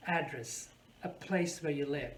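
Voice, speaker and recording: A man gives a pronunciation lesson in a slightly higher voice, saying each word slowly and stressing it with care. He sounds like he is in an echoey room with a faint hum behind him. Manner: explains slowly, repeats words with careful stress. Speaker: English teacher.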